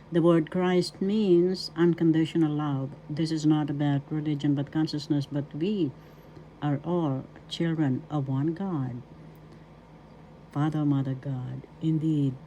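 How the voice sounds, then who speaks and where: A woman's voice: sits low, fairly even intonation, takes it slowly, warm tone, slight background noise, low-quality recording. A middle-aged woman from the Philippines, giving a spoken language lesson and repeating each word syllable by syllable. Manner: repeats words and spells them out syllable by syllable. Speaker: language teacher.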